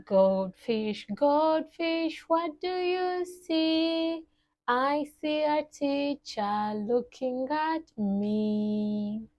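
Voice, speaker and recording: A woman teaching toddlers, speaking in a slow, sing-song, exaggerated way. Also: high voice, animated, darkish tone, faint music behind. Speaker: children's teacher. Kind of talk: toddler lesson.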